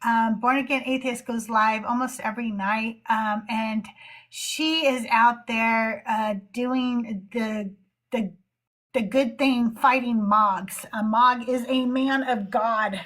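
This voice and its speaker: A woman host talking on a livestream, close to the mic. Her slightly high voice moves at a slow, earnest pace, full of pauses and fillers. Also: steady tone, a bit bright. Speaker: host of a live call-in show. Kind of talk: casual livestream talk.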